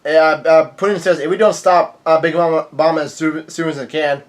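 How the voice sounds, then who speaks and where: A man's voice: fairly high pitch, fairly even intonation, moderate pace. A man casually reading comic dialogue aloud, often stumbling and correcting himself, with surprised outbursts. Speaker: manga reaction reader.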